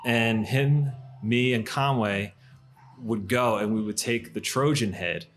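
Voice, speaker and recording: A man in his thirties, a podcast guest in a coffee shop, telling funny stories in a quick, laughing way. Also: mid-range voice. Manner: animated, laughing, fast anecdotes. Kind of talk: casual storytelling chat.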